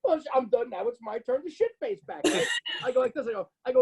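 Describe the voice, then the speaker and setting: A husky-voiced man with a New Jersey accent tells stories in loose, profane casual chat. His pitch swings widely as he acts out the people he quotes. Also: big pitch swings, quick pace, darkish tone, lo-fi sound. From Bloomfield, New Jersey. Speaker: podcast guest.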